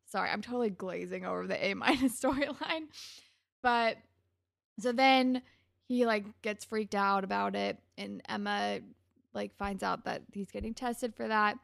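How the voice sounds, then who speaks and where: A young woman in casual chat, recapping a TV episode and acting out the characters' lines with animated energy. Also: medium pitch, a little slow, creaky, dry recording, clean studio sound. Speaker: podcast co-host recapping a TV episode.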